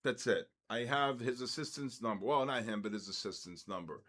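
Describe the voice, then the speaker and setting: Older New trader hosting a live session, rambles and rants between market calls. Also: male voice, mid-range voice, lively intonation, brisk, a bit bright. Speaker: trading session host. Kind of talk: casual live trading commentary.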